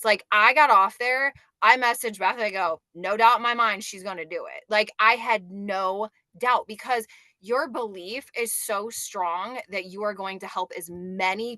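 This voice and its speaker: A woman's voice: mid-range voice, bright, forceful tone, no room sound. A woman hosting a video call who praises and encourages a team member with emphatic, cheerleading talk. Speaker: host and team leader.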